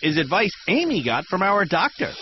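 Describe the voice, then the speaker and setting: Man, TV host narration, wry, fairly high voice, dull lo-fi sound. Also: very animated, moderate pace. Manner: wry, dry humor. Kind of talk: scripted TV narration. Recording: dull lo-fi TV audio with music.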